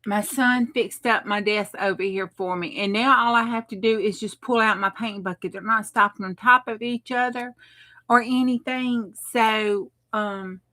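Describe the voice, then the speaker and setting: A woman's voice: medium pitch, fairly even intonation, normal speed, bright, forceful tone. A middle-aged woman hosting a craft livestream, chatting casually with her viewers and laughing often. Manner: chatty, laughs often, talks back to chat.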